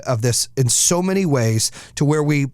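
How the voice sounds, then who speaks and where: A man's voice: medium pitch, expressive, normal speed, darkish tone, no echo, studio quality. A man hosting a podcast, giving a blunt, profane, fired-up motivational monologue. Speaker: podcast host.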